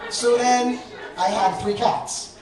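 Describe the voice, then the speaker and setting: A high-pitched man tells a funny personal story on stage with a lively, self-mocking delivery. He sounds some way off the mic, and his voice rings through a reverberant hall while the audience laughs. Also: slow, distant mic, over a noisy crowd, very noisy.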